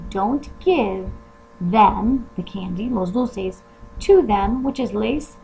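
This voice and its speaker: A woman's voice: mid-range voice, slow pace, vocal fry, a little mellow, a little hiss or hum, low-quality recording. A woman teacher explaining Spanish grammar step by step in a recorded lesson, often asking rhetorical questions.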